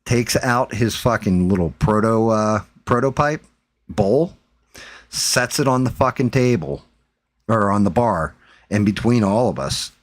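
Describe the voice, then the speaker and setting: A man's voice: on the low side, animated, a little slow, dry recording. A man hosting a live stream, telling a story in casual, profane chat and acting out what people said. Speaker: streamer host.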